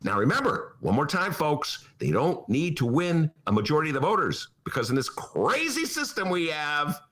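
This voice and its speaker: A man in his sixties hosting a political podcast from a studio, sarcastic and animated, laughing as he mocks. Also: on the high side, moderate pace. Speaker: podcast host. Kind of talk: satirical political talk.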